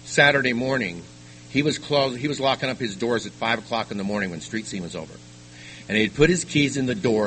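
A man's voice: mid-range voice, bright, forceful tone, slight background noise, rough recording. Older man telling his recovery story. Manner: halting storytelling with repeated restarts. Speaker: recovery meeting speaker. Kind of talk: personal testimony talk. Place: meeting room.

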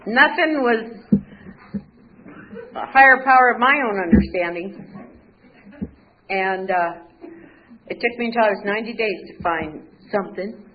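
A woman's voice: medium pitch, lo-fi sound, a little hiss or hum. A woman giving a personal recovery testimony, telling her story candidly with wry humor and acting out the conversations. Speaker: recovery speaker.

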